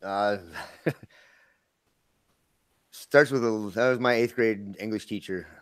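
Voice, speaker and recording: Man, 50s, low voice, laughs a lot, casual chat, dry sound. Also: fairly even intonation, takes it slowly, fairly bright tone, smooth, no echo. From Minnesota. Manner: laughs often, easygoing. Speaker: guest. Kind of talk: casual live-stream chat.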